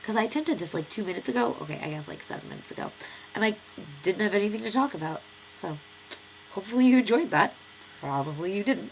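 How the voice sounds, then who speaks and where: A woman's voice: mid-range voice, fast talker, vocal fry, slight background noise. A young American woman in her twenties with a stuffy nose from a cold, telling a long story in a chatty, rambling vlog with lots of fillers. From United States. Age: 20s. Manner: chatty, lively storytelling with many fillers and acted quotes. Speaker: vlogger.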